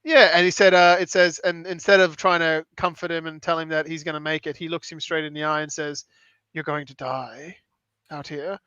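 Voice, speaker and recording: Bright, crisp-voiced male co-host. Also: on the high side, flat delivery, dry recording. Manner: chimes in with quick reactions and comparisons. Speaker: podcast co-host. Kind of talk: casual podcast chat. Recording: dull, dry lo-fi mic.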